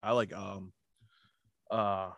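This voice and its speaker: A man's voice: sits low, flat delivery, slow pace, vocal fry, a bit bright, no echo, dull audio. Laughing, profane man on a dry mic. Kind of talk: casual chat.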